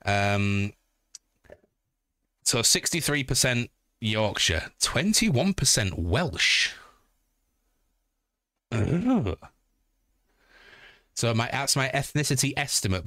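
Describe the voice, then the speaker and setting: A man's voice: medium pitch, pushed and bright, no room sound, clean studio sound. A man chatting casually on a livestream, joking and swearing as he talks to his viewers.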